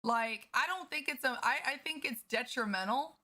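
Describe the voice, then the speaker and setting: A woman's voice: high-pitched, moderate pace, sharp tone. A woman livestreamer chatting casually with her viewers, candid and profane as she vents. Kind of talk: casual chat with stream viewers.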